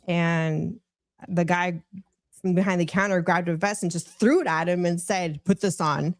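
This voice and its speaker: A woman's voice: on the low side, fairly even intonation, moderate pace, no room sound. A woman guest on a podcast, telling a long story in a rambling, casual way and laughing often. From United States.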